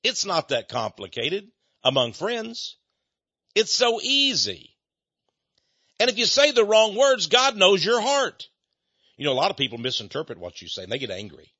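A man's voice: sits high, sing-song, moderate pace, bright, forceful tone, slightly rough, no room sound. An older man, preaching in a chatty, folksy way, laughing often and acting out little conversations. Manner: chatty, laughs often, acts out quoted voices. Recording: dull dry lo-fi recording.

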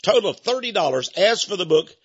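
Husky, animated radio-show man. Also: high voice, fairly quick, dull audio. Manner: emphatic, animated delivery. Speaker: radio ministry host. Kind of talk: radio talk show with on-air sales pitch.

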